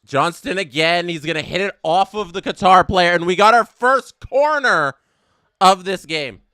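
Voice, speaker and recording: A man's voice: sits high, normal speed, clean tone, no room sound, clean studio sound. A young man hosting a casual live watch-along, calling the match and chatting with his viewers. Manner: chatty, reads chat aloud, excited bursts on big plays. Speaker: livestream host doing live match commentary.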